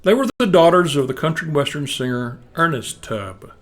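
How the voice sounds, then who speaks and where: A man's voice: a little high, expressive, normal speed. A man in his seventies with a Texan accent, telling a wry story on stage to a live audience. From Texas. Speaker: musician and storyteller.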